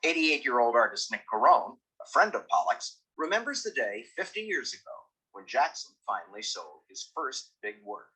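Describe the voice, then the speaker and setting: Brief: male documentary narrator, bright and husky, lively pitch. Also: moderate pace, few pauses, poor audio. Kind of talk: scripted narration.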